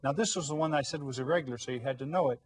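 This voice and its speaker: Husky-voiced encouraging teacher man. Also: fairly high pitch, rapid-fire. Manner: patient, encouraging, prompts kids to repeat words. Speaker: Spanish teacher. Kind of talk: recorded elementary language lesson.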